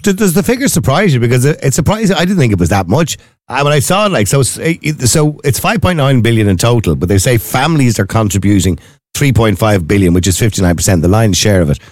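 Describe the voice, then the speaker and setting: A man's voice: mid-range voice, lively intonation, quick pace, dry recording, clean studio sound. An Irish man co-hosting a casual chat, asking questions and chatting wryly. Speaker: podcast co-host.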